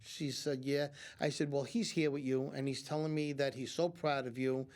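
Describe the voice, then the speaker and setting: A man with a medium-pitched, darkish voice speaks at a normal speed in a steady tone. He's a psychic medium appearing as a guest on a talk show in a community TV studio, telling long, rambling anecdotes full of restarts and acting out what people said.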